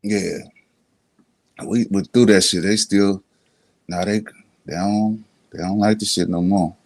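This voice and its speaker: A man's voice: lowish voice, steady tone, measured pace, darkish tone, dry recording. A laid-back man in casual, profane podcast banter who laughs often.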